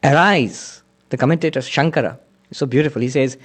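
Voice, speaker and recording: A man's voice: medium pitch, fairly quick, breathy edge. A man, a spiritual teacher, giving an earnest lecture that mixes teachings, stories and chanted Sanskrit verses.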